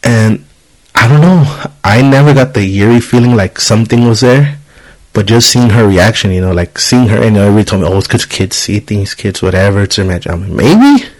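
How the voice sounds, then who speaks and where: A man's voice: lowish voice, brisk, low-quality recording. Profane, storytelling man. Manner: profane, animated storytelling with voiced quotes. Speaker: podcast host. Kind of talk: casual storytelling chat.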